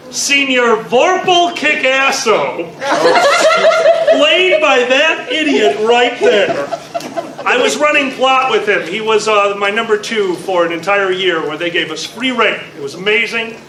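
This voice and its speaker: A man's voice: very high voice, very animated, measured pace, echoey room, noisy background. A man on a convention panel, fondly telling a story about a friend with a teasing, laughing manner. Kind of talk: casual storytelling.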